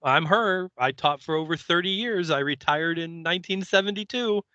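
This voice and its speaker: A man voicing a sweet, frail little old lady with a high put-on pitch. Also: moderate pace, sharp tone, smooth, dry recording, dull audio. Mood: chatty.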